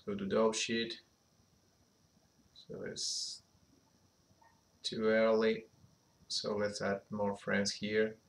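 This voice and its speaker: A man giving an unhurried animation software tutorial, thinking aloud as he works, with a slight phrasing. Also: on the low side, completely flat delivery, gravelly. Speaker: animation instructor. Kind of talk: screen-recorded software tutorial.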